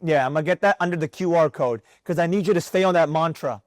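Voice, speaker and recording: High-voiced, preachy male trading mentor. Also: quick pace, few pauses, dry recording. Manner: animated, preachy, repeats himself for emphasis. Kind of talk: live mentorship class talk. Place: room with students present.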